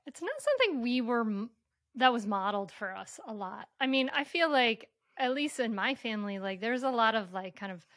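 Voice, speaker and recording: Soft-spoken, reflective woman podcast host. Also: fairly high pitch, expressive, fairly quick, dry recording. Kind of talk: conversational interview.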